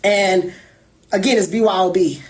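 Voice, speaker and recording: A woman telling a personal story in casual talk, animated and irritated, acting out other people as she goes. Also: mid-range voice, normal speed.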